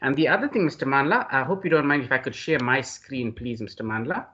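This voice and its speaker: A man's voice: medium pitch, fast, bright, forceful tone. A male lecturer hosting an online class, effusive and praising, who keeps addressing the other man by name. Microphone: video call. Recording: dull lo-fi video call audio.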